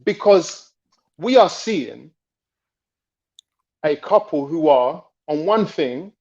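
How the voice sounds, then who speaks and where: Man, middle-aged, enthusiastic panelist, fairly high voice, dull lo-fi audio. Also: expressive, takes it slowly, a little mellow. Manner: enthusiastic, repeats himself. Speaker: podcast panelist. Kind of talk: casual panel chat.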